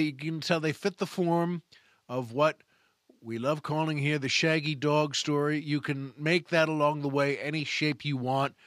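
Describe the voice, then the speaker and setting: A man who is a comic, hosting a show with a folksy, repetitive, drawn-out monologue. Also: on the high side, a bit bright, no room sound, studio quality. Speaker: podcast host and stand-up comic. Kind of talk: comedic monologue.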